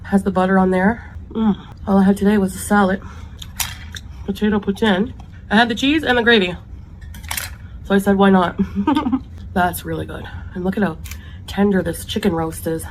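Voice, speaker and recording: A woman's voice: medium pitch, moderate pace, long pauses, slight background noise, rough recording. A woman hosting an eating show, chatting about her meal and savoring each bite. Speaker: mukbang host.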